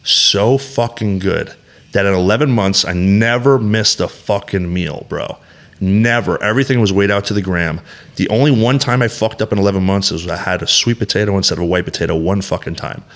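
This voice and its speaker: A low-voiced man in his thirties, brisk and a bit bright, is candid and profane on a podcast as a guest. He comes out in emphatic bursts, doubling back with fillers and restarts.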